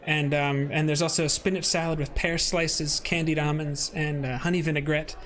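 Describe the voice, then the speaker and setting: A man voicing a hurried male innkeeper announcing the first course of a feast. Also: fairly high pitch, level tone, a bit bright, lightly acted. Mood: bustling. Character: bustling male innkeeper serving food.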